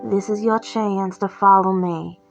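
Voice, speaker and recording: A woman's voice: mid-range voice, steady tone, a little slow, creaky. A woman putting on a silky Cajun demon hostess. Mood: menacing. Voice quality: soft, silky, sweet-talking. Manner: purring, teasing and threatening. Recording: slightly muffled with soft music.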